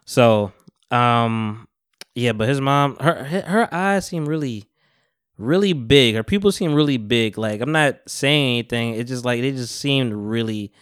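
A man's voice: medium pitch, animated, measured pace, a bit bright, clear, resonant tone, dry recording, clean studio sound. A young man hosting a podcast, talking in a loose, rambling way with plenty of slang and cursing. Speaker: podcast host. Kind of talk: casual chat.

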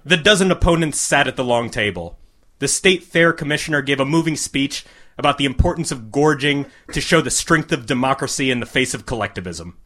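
With a mid-range voice moving a little fast, a man deadpans his way through a crude comic short story, reading it aloud for a live audience.

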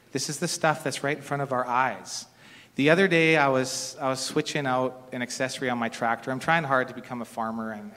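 A middle-aged man preaches in a relaxed, storytelling manner, backing up and restarting phrases the way people do in everyday talk. His voice sits at an ordinary male pitch. A long reverb trails after him, as in a large church sanctuary. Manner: conversational, storytelling with casual restarts. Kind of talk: sermon.

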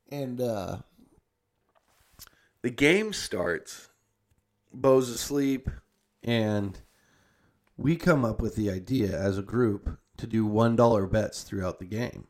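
A man's voice: fairly low pitch, darkish tone. A young man telling a long family story in casual, rambling speech full of "like" and restarts. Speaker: storyteller recounting a family visit.

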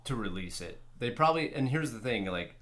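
A man's voice: mid-range voice, animated, brisk, a bit bright. A man hosting a podcast, chatting casually in a rambling, filler-heavy way and swearing now and then. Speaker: podcast host. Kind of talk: casual chat.

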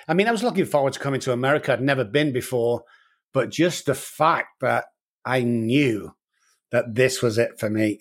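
Earnest man with Manchester accent. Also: mid-range voice. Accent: Manchester English. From Manchester, England. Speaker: addiction doctor, guest. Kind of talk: interview answers.

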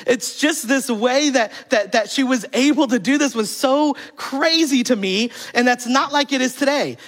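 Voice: high voice, normal speed, a bit bright. A pastor giving a conversational sermon, telling funny family stories and putting rhetorical questions to the congregation. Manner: humorous storytelling, acting out family dialogue.

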